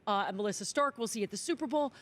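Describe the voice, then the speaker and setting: A woman in her thirties who works as a sports reporter, talking quickly and chattily as a guest in a casual interview. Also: on the high side.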